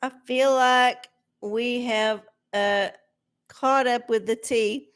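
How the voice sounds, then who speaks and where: A woman's voice: fairly high pitch, steady tone, slow pace, fairly bright tone, clean tone. A middle-aged woman hosting a livestream, ranting bluntly and sarcastically with a lot of swearing. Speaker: livestream host. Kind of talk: profane ranting chat.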